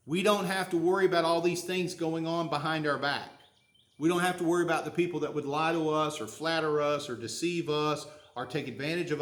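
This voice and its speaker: A pastor preaches in a folksy, conversational style, peppering the congregation with questions. His voice is a little high with a fairly bright tone, and the sound is roomy.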